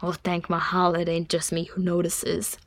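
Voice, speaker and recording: A woman's voice: medium pitch, flat delivery, brisk, no echo, close to an everyday voice. Brief: woman reading a sly, sardonic male dwarf in an audiobook. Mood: wry. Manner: muttering, wry.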